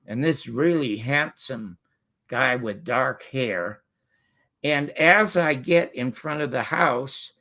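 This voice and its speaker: Older male guest from Canada, gravelly, rambling raconteur. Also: mid-range voice, bright, forceful tone. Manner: rambling, many fillers and restarts. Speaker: guest storyteller. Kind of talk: casual anecdotal storytelling.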